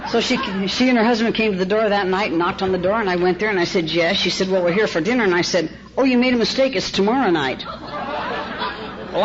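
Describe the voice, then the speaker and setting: A woman in her sixties from California giving a personal recovery testimony to an audience, wry and self-mocking, acting out the dialogue as she tells it. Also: mid-range voice. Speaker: recovery meeting speaker. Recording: muffled old cassette tape with faint hiss.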